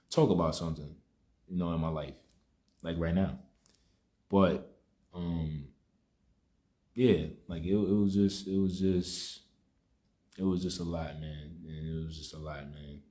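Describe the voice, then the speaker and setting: A man's voice: deep voice, dark tone. A young man speaking, telling a personal testimony in a rambling, subdued way full of "you know" fillers. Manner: subdued and reflective. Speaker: vlogger sharing a personal testimony. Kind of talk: casual spoken testimony.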